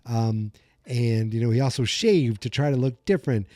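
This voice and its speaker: A man's voice: mid-range voice, moderate pace, dark tone, no echo, studio quality. A man hosting a podcast, recapping an episode in a chatty, rambling way and correcting himself as he goes. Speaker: podcast host. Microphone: desk microphone.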